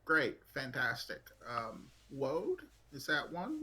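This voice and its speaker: Player, man, husky bright voice, playful and rambling. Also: mid-range voice, expressive, normal speed. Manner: rambling, playful, talks through laughs. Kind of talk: in-character tabletop play, joking.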